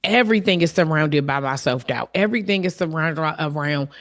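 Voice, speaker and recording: A woman hosts her own podcast, speaking candidly and from the heart in a reflective solo monologue with fillers and restarts. Her voice sits low and moves a little fast.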